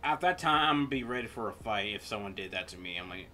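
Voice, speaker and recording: Bright-voiced man reacting casually. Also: lowish voice, expressive, quick pace, slight background noise. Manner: casual, swearing, laughing along. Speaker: reaction video host.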